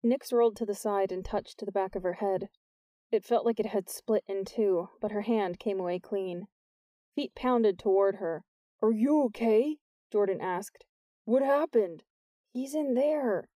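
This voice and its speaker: A woman reading a novel aloud as an audiobook narrator, with steady scripted narration. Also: moderate pace, no echo. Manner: lifts her pitch for the characters' lines.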